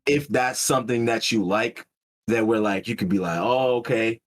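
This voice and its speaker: A man co-hosting a casual podcast chat, talking in halting restarts and loose slang. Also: fairly low pitch. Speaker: podcast co-host.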